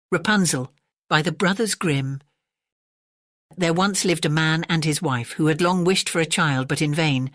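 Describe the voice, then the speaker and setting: A woman reads a classic fairy tale as a soothing bedtime story, gentle and unhurried. Her voice sits low, recorded close and dry. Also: no room sound.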